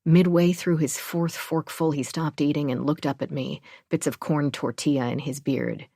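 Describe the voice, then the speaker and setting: Low-voiced woman narrator, gravelly, close dry sound, first-person thriller reading. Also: fairly even intonation, moderate pace, hardly any pauses, mellow, no room sound. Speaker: audiobook narrator.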